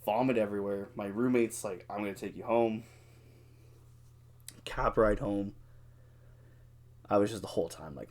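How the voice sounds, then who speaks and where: A young adult man co-hosting a podcast, telling a drinking story in a casual, animated way, swearing freely and acting out what people said. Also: fairly low pitch, moderate pace, pauses often. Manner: animated, profane, acts out quotes. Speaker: podcast co-host.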